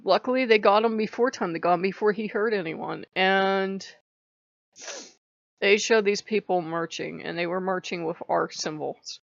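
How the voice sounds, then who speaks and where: A woman's voice: mid-range voice, vocal fry, no room sound, muffled recording. A woman vlogging in a casual, impassioned way, tearful and crying on and off, often apologizing as her voice breaks. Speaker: vlogger on her own faith channel. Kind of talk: casual emotional vlog talk.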